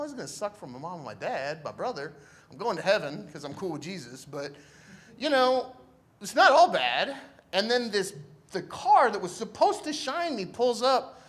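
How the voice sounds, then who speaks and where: A man's voice: high-pitched, a bit bright. Laid-back man telling a story. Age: young adult. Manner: laid-back and joking, acting out the people in his story. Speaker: speaker telling a personal story. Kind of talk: storytelling talk to a live audience.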